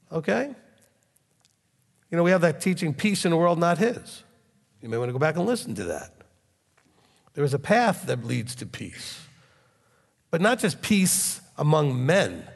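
A man preaching a sermon, talking with his listeners and rising into emphatic scripture readings. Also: fairly high pitch. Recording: long hall reverb.

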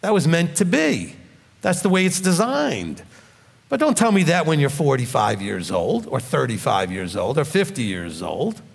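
A blunt preacher in his fifties delivering a sermon with emphatic, scolding force. His voice sits high for a man and swings widely in pitch. It rings with a long reverb, like a big hall. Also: wildly swooping pitch, normal speed, creaky, breathy edge. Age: 50s.

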